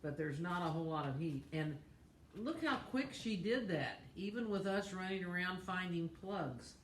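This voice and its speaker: A woman's voice: lowish voice, expressive, moderate pace. A talkative woman co-hosting a home cooking show, gushing over each bite. Her voice bounces around a roomy kitchen, with a faint hum behind it. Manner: chatty and effusive, lots of oohs over food. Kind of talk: casual chat.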